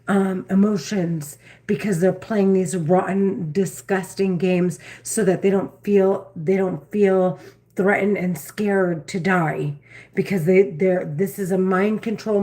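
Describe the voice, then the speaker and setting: A woman's voice: lowish voice, darkish tone. Urgent, repetitive woman recording herself. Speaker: mother. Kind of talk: self-recorded vlog.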